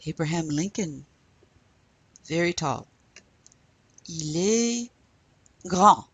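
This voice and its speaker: A middle-aged woman with a somewhat low, husky voice teaches a recorded French lesson. She explains patiently and step by step. She says French phrases slowly so her students can copy them. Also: animated, dry recording, rough recording.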